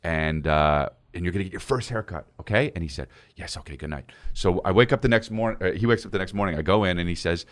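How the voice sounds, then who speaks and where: A man's voice: sits low, fast talker, few pauses. A man co-hosting a podcast, telling a long casual anecdote full of quoted dialogue. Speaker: podcast co-host. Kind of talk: casual storytelling chat.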